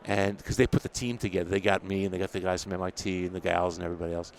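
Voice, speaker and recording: An older man from New York City speaks quickly in a gravelly, fairly low voice, slipping into the people he quotes as he tells his stories. A faint ambient hum sits under the talk. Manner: animated storyteller acting out quoted exchanges, laughs often. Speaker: dental technology editor, guest. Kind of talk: casual interview storytelling. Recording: faint ambience at a trade show.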